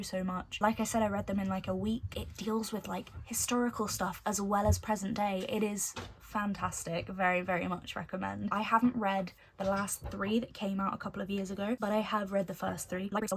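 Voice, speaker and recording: A woman at an ordinary middle pitch talks casually to the camera as a book vlogger. She is chatty and gushing, full of enthusiasm. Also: level tone, a little fast, hardly any pauses, slight background noise.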